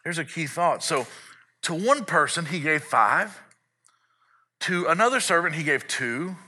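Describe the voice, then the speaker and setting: A man's voice: on the high side, animated, unhurried, bright, forceful tone, breathy edge. A man preaching a sermon as pastor, telling a family story with playful asides to the congregation.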